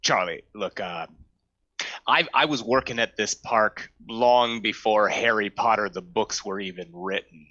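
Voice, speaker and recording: Brief: male improviser as rambling old-hand wand shop worker, bright tense tone, dull call audio. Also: fairly low pitch, unhurried, dry recording. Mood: weary lecturing. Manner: rambling, world-weary, lecturing a newcomer. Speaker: improv performer. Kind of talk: improvised comedy scene.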